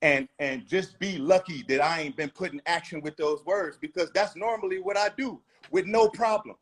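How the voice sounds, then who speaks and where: Blunt, emphatic man with a high voice. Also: moderate pace. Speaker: rapper guest. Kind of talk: casual interview.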